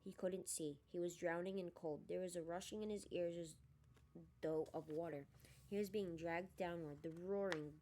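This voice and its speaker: A woman reading a novel aloud in a steady storytelling manner. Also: on the low side, normal speed. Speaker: audiobook reader. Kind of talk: storybook narration.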